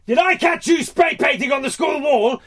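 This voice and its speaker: A man's voice: very high-pitched, normal speed, fairly bright tone, raised voice, voice pushed up. A man putting on a stern male schoolteacher who barks accusations at a pupil. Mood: accusing.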